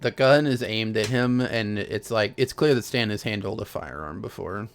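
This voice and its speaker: Male player, lowish voice, hesitant, thinking aloud. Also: normal speed, slight background noise. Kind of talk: casual tabletop game chat.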